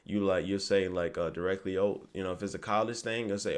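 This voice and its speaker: Fast-talking deep-voiced young man. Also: steady tone, clean tone. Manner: rambling, repeats "you get me", acts out quoted lines. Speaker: vlogger giving dating advice. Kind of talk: casual advice monologue to camera.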